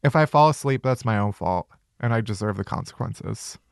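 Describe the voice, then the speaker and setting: A man's voice: on the low side, animated, normal speed, creaky, smooth, no echo, clean studio sound. A man hosting a comedy podcast, sarcastic and profane, ranting in exasperation. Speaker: podcast host.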